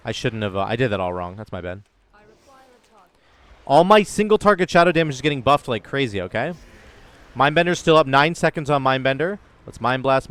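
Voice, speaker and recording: A man's voice: medium pitch, animated, brisk, fairly bright tone. A man giving enthusiastic, casual commentary over his own video game footage, explaining as he plays. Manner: enthusiastic, explains while playing. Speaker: gaming content creator. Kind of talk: gameplay commentary.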